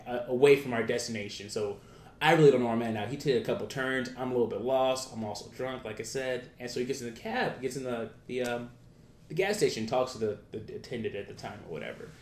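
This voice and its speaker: A young man telling a story in casual chat, rambling with lots of restarts and filler. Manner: rambling, quick, many restarts and "like"s. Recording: echoey room with faint rumble.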